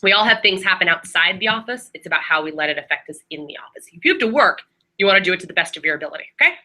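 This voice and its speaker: A woman training a class of new receptionists in a room, talking quickly and chattily with many fillers and restarts. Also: fairly low pitch, expressive, pushed and bright, poor audio. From Maryland.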